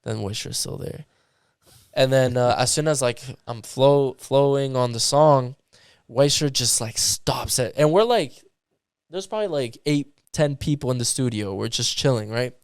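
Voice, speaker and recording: Guy from canada telling a story, says like a lot, kinda gravelly, dry mic. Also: mid-range voice, normal speed, no room sound. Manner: animated, filler-heavy with lots of "like". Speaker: musician guest. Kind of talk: casual storytelling.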